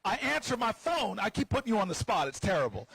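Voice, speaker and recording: A middle-aged man telling a story at an outdoor rally, animated and playful with the crowd. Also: sits high, fast, creaky, breathy edge, no echo, poor audio. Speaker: senator. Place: outdoors on building steps.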